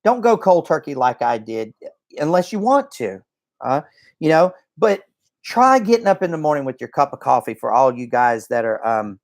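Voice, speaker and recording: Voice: mid-range voice, normal speed. A network marketing coach giving a casual motivational talk, chatty and folksy, often checking in with "okay?" and "right?". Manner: acts out phone calls in a lively voice. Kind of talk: casual motivational talk to a live online group.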